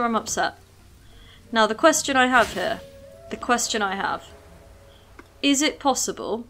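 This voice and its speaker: A woman with a fairly high voice gives casual gameplay commentary. She is chatty and easily excited, talking fondly to her units as she plays.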